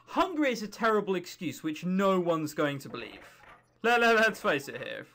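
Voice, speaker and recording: A woman commenting casually on a game she is playing, sarcastic and quick to swear and laugh. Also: lowish voice, very animated, fairly bright tone, slight background noise. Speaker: let's-play host.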